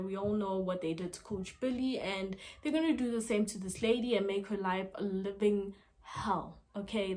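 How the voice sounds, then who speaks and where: A woman casually recapping a TV episode for her viewers, talking straight to them and acting out the characters' lines in a lively way. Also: mid-range voice. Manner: animated, quotes characters in lively retellings. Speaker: TV episode reviewer.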